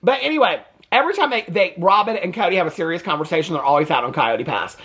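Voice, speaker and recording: A man's voice: high voice, fast, slightly rough. Sassy, swearing male recap host. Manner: sassy, gossipy, profane; animated. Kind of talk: casual TV recap vlog.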